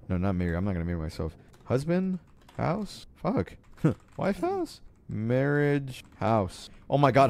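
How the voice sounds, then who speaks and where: A young man casually livestreaming a game, excitable and swearing, with sudden shouts. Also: medium pitch, background noise. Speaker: streamer.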